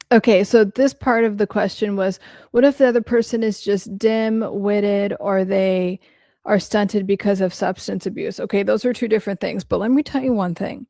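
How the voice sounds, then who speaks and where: Woman host for a casual stream Q&A, blunt and chatty, some vocal fry, dry close sound. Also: medium pitch, mellow, dry recording. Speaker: host answering viewer questions. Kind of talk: casual livestream Q&A.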